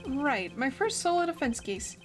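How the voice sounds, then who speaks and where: Eager young rookie lawyer, read by a woman, high and lively. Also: normal speed, soft background music. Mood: determined.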